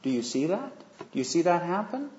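A man's voice: fairly high pitch, big pitch swings, brisk, darkish tone, slight background noise. A man preaching a sermon in a casual, conversational way, telling a story and often asking the listeners questions. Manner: conversational, asks the audience questions, many fillers. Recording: echoey room, dull lo-fi sound.

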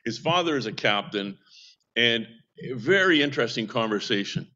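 A man in a casual ministry update, telling stories that wander and restart as he goes. His voice sits at an ordinary middle pitch. The recording is a little dull and lo-fi. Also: lively intonation, moderate pace, pushed and bright. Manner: rambling anecdotal storytelling with restarts. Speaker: seamen's mission worker.

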